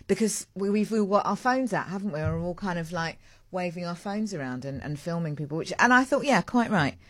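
Chatty woman radio host. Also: sits low. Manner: chatty, digressive, animated asides. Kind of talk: live morning radio talk. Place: radio studio. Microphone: studio microphone.

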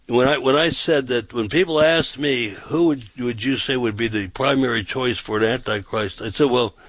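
A man's voice: medium pitch, no echo. A man, a pastor, teaching from the Bible in a rambling, repetitive way, often checking in with "okay?".

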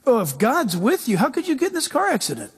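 A man voicing doubt personified, firing quick mocking questions, with a husky voice. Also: extremely high pitch, wildly swooping pitch, big-room sound, voice pushed up, full character voice. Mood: taunting. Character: taunting voice of doubt, sly and insistent.

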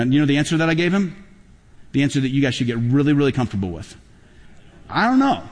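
A middle-aged man preaching a sermon as pastor, telling stories and building to emphatic peaks. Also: on the high side. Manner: storytelling, emphatic, rising to loud peaks. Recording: long hall reverb.

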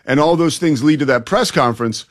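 A man's voice: on the high side, a little fast. A man co-hosting a sports talk radio show, giving firm, emphatic opinions into a studio mic.

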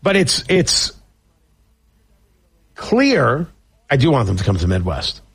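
A man's voice: medium pitch, huge pitch swings, slow pace, breathy edge. A man hosting a political talk radio show, riffing sarcastically on the news.

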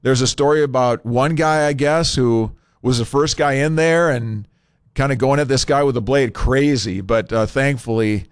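Male radio host, conversational, unscripted, smooth resonant voice, close dry studio mic. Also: medium pitch, dry recording. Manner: conversational and unscripted, pausing with fillers. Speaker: radio talk show host. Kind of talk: talk radio monologue. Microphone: studio microphone.

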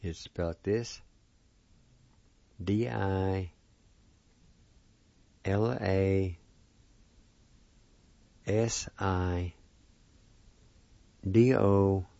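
Slow, deep-voiced man teaching words. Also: fairly even intonation, gravelly, warm tone, no room sound, muffled recording. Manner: slow, careful spelling and repetition of words. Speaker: radio language teacher. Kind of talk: weekly radio language lesson.

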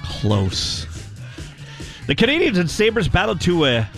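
A man's voice: sits high, huge pitch swings, takes it slowly, a bit bright, soft background music. A man hosting a sports radio show who quizzes his co-host with trivia and teases him. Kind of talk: casual sports talk.

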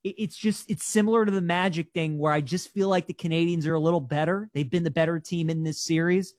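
A man with a slightly high voice co-hosts a live sports talk show. He gives animated, opinionated picks. The recording is close and dry, with no room sound. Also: fast talker, no echo.

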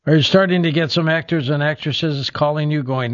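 A man's voice: fairly high pitch, a little fast, no echo, highs cut off. A man hosting a call-in radio show, prompting guests and callers with short, friendly questions.

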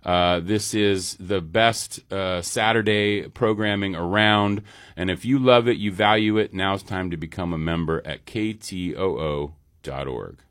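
A man hosting a local public radio pledge drive in the studio, chatting casually with a deep morning voice. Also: a little slow, no room sound. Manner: relaxed, chatty, with fillers. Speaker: radio host. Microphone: studio mic.

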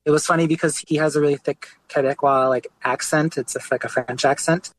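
A man being interviewed as a guest artist, telling his story in a relaxed, casual way, often saying "like" and "you know". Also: fairly high pitch, fairly quick, slight background noise, low-quality recording.

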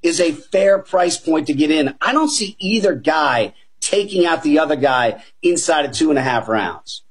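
Husky high-voiced man pitching bets. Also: moderate pace. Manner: energetic, emphatic, keeps addressing the panel as guys. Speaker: sports betting analyst. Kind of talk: animated betting talk show chat.

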